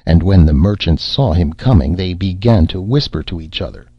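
A man narrating a classic fairy tale in a measured, expressive storytelling manner. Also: low voice, breathy edge, dry recording, highs cut off, faint music behind. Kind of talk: storybook reading.

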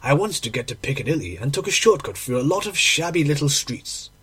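A man's voice: fairly high pitch, very animated, a little fast, a bit bright, husky. A man narrating a classic short story in a dramatic, emotional audiobook reading. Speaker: audiobook reader.

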